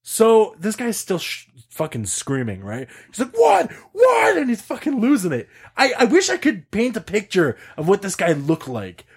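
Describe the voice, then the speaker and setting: A young man tells a story in casual chat. His voice sits a little high and swings widely as he acts out what everyone said, and he swears often. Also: wildly swooping pitch, moderate pace, hardly any pauses, breathy edge. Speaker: podcast co-host telling a story.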